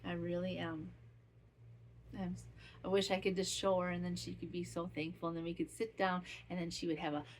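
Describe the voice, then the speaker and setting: A woman's voice: on the low side, level tone, fairly quick, slight background noise. A woman hosting a podcast who chats casually in a rambling, heartfelt way. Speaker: podcast host. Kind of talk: casual chat.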